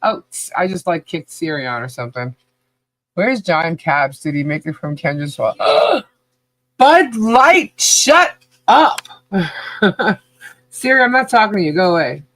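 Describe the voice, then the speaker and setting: A woman's voice: low voice, animated, normal speed, a bit bright, no room sound. A woman co-hosting a podcast livestream, chatting casually, laughing often and greeting viewers by name. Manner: laughs often, loose and joking; reads out viewer names one by one. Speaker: podcast co-host.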